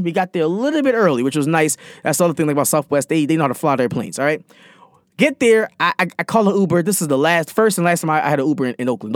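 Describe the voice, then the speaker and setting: A young man hosting his own podcast, telling a personal story in a lively, casual way and acting out the conversations in it. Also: a little high, no room sound, clean studio sound. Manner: animated, acts out conversations in quotes; addresses listeners as guys. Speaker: podcast host.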